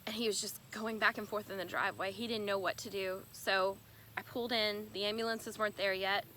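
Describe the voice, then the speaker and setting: Earnest woman, bright voice. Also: medium pitch, steady tone, slight background noise. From United States. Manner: earnest, halting, emotional retelling. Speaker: bereaved sister telling her story. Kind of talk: personal testimony.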